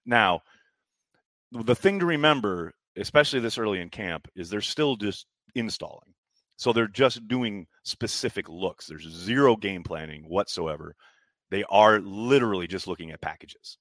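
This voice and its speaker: A man's voice: sits low, fairly bright tone, no room sound, studio quality. A man hosting a live fan chat stream, hyped and chatty as he reads comments and answers questions. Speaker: podcast host reading chat.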